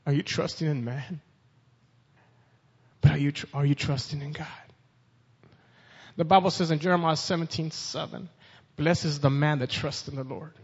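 A man with a fairly high, breathy-edged voice preaches a sermon, his words ringing out in a long hall reverb on a slightly dull, muffled recording. At a moderate pace with frequent pauses, he reads scripture with building force, then talks plainly to the congregation.

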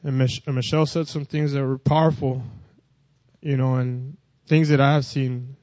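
A man's voice: mid-range voice, level tone, moderate pace, darkish tone, no echo, highs cut off. A man preaching a sermon. He reads scripture and then talks plainly, repeating and restarting phrases, and his voice rises when he reads verses.

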